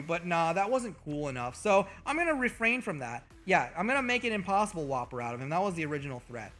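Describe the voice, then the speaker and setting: A man hosts his livestream with a high, sharp, bright voice that jumps wildly up and down in pitch. He talks casually and rowdily, swearing often and bragging in jest. Soft music hums underneath. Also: fast, hardly any pauses. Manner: animated, profane, mock-boastful. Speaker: VTuber streamer.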